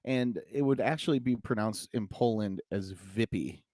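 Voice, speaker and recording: Joking pastor in a dry room. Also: male voice, mid-range voice, moderate pace, a little mellow, dry recording. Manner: jokey, tells stories with put-on voices. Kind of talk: casual chat.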